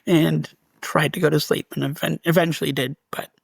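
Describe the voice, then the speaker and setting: Man, gravelly voice, casual interview guest, animated storytelling, dry close recording. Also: fairly high pitch, no room sound. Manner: animated retelling with restarts and quick laughs.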